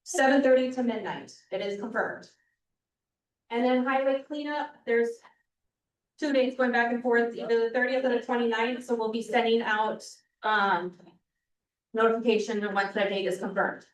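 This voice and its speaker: Brief: woman meeting leader, brisk, organized, distant roomy recording. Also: fairly high pitch, steady tone. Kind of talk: meeting announcements. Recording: echoey room, distant mic.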